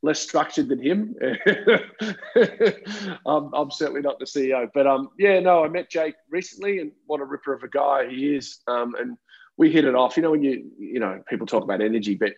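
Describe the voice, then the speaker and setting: A friendly man talks as a podcast guest at a mid pitch, often pausing with fillers and restarts. His audio comes through dull and lo-fi, as if over a remote call. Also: gravelly, breathy edge. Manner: hesitant, many ums and restarts, friendly. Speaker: podcast guest, wine entrepreneur. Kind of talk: casual interview conversation.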